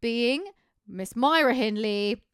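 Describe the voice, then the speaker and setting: A woman chats her way through true crime cases on a podcast. She talks briskly and conversationally, dropping in offhand remarks. The sound is dry and close, with no room around her voice. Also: on the high side, clear, resonant tone, dry recording. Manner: brisk, conversational storytelling with casual asides. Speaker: podcast co-host.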